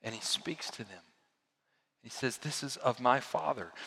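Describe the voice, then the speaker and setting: A man preaching a sermon as a pastor, swinging from loud emphasis down to hushed, quiet lows. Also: lively intonation, a little slow, vocal fry, husky, in a large hall.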